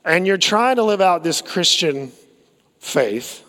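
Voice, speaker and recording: A man's voice: high voice, big pitch swings, slow, pushed and bright. A man preaching a sermon, conversational and full of stories, with frequent fillers and repeated words. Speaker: pastor. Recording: long hall reverb.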